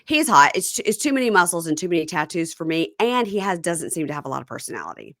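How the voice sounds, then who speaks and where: A woman's voice: fairly low pitch, fast talker, no echo, studio quality. A woman podcast host chatting casually, recapping a reality show and acting out the cast's lines. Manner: animated storyteller, acts out quotes from the show.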